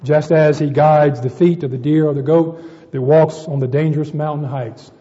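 A man's voice: fairly high pitch, steady tone, moderate pace, warm tone, in a large hall, highs cut off. A man preaching a sermon to a congregation, addressing them as brethren and often repeating words as he searches for the next.

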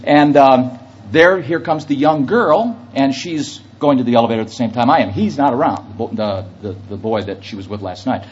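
A man's voice: mid-range voice, lively intonation, moderate pace, a little mellow, slightly rough, highs cut off. A man preaching a sermon, telling an anecdote and then building to emphatic preaching. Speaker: pastor.

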